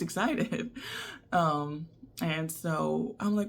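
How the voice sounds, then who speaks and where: A young woman telling a personal story to the camera in a casual, animated way, often laughing. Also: low voice, takes it slowly, vocal fry. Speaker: vlogger.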